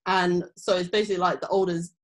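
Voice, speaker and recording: A woman's voice: lowish voice, little pitch movement, fast talker. A woman in her twenties telling a long story in casual chat, rambling with lots of "um" and "like". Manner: rambling storytelling with many fillers.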